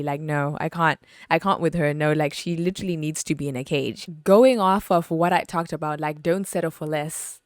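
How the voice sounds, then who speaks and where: A woman hosting a podcast, chatting about a film in an animated, exclaiming way with lots of fillers. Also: low voice, moderate pace, hardly any pauses, no echo, clean studio sound. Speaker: podcast host. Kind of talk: casual movie review chat.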